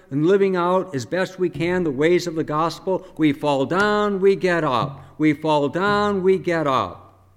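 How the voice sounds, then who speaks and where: A man's voice: a little high, in a large hall. A man preaching a sermon as a priest, conversational and asking the congregation questions. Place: church.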